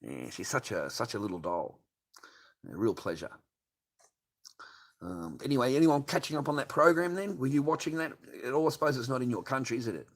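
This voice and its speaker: A man's voice: medium pitch, lively intonation, a little fast. An older man hosting a late-night livestream, ranting crudely and swearing constantly. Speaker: livestream host.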